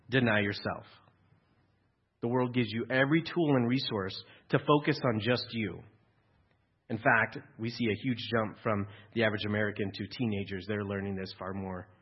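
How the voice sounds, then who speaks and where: A man preaches to his congregation in a relaxed, conversational way, slipping in dry jokes. His voice is somewhat husky. The recording sounds a little dull and lo-fi, as if taken in a church. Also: on the low side, normal speed. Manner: conversational preaching with dry humor and acted-out quotes. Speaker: pastor. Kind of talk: sermon.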